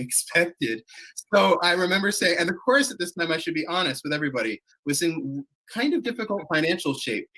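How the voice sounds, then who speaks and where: A man's voice: a little high, bright, forceful tone, poor audio. A man leading a chorus, telling its touring history in a rambling, self-correcting way, acting out quoted lines. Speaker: chorus leader. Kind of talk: conversational storytelling.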